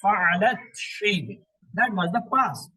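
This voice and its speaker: A man teaching Quranic Arabic in a classroom lesson, slowly drilling word patterns and asking questions that he answers himself. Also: sits high, very animated, pushed and bright, breathy edge, low-quality recording. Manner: slow, repetitive recitation of word patterns.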